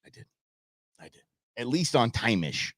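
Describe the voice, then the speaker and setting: A middle-aged man hosts a live outdoors show from his desk, telling stories in a loose, chatty way. He acts out what others said in quick bursts. His voice sits at an ordinary pitch, and the recording is dry and close, with no room echo. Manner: animated storyteller acting out quotes. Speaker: show host. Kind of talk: casual live-stream monologue. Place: home studio at a computer.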